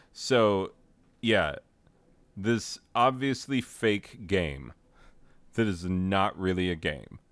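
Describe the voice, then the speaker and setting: A man's voice: low-pitched, clean tone, no echo. A man reviewing a game in casual, tangential commentary, often losing his train of thought and making self-deprecating asides.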